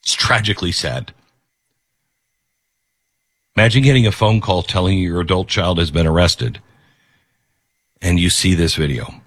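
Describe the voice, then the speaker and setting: A man's voice: low-pitched, moderate pace, pauses often, fairly bright tone, dry recording. A man hosting a commentary show, giving impassioned, preachy opinions.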